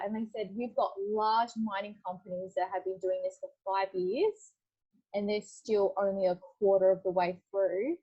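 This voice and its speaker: A young woman, a podcast guest, telling a story in casual chat, animated and quick to laugh, acting out what others said. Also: medium pitch, breathy edge, dull audio. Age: young adult. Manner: animated, laughs often, acts out quoted lines.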